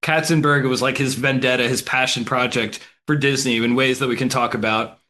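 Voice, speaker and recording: A man's voice: medium pitch, fairly even intonation, fairly quick, sharp tone. A man co-hosting a film podcast, talking in a loose, chatty way with lots of "like.". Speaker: podcast co-host. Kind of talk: casual chat.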